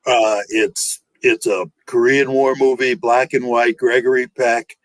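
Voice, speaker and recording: A man in a casual panel discussion, giving his opinions in a measured, unhurried way. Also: medium pitch, flat delivery, no echo, poor audio. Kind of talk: casual debate chat.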